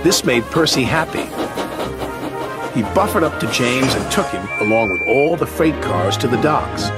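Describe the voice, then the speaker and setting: A man narrating a children's storybook cartoon in an expressive storytelling manner. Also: mid-range voice, moderate pace. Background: music.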